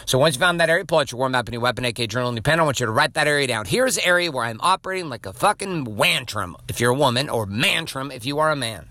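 Bright-voiced, profane male podcast host. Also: medium pitch, expressive, racing, few pauses, no room sound. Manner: profane, blunt, emphatic ranting. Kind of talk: motivational monologue.

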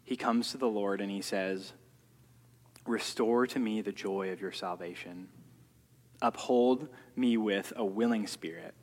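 A man's voice: fairly low pitch, unhurried. A man preaching a sermon earnestly, often repeating words as he works through his points. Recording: long hall reverb.

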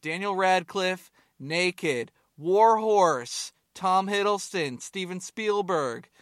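Joking guy on a podcast, kinda high voice, dry close sound, swears a lot. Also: lively intonation, takes it slowly, smooth, no echo. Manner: joking and rambling, swears freely. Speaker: podcast co-host. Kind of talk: casual chat.

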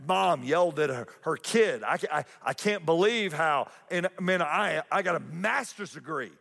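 Man, pastor, animated sermon, repeats phrases, a bit high-pitched, long church reverb. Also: moderate pace, creaky. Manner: animated preaching, repeats himself, rises in pitch for emphasis. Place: church auditorium.

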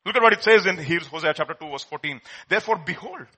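A man preaching a sermon, telling a film story with swings from hushed to loud. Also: fairly high pitch, lively intonation, fast talker. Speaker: pastor.

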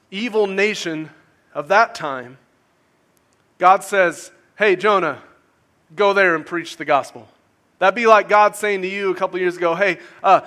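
A man preaching a conversational sermon, asking his listeners questions and swinging from loud to quiet. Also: high voice. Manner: conversational, asks the audience questions, varies volume widely. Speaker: pastor.

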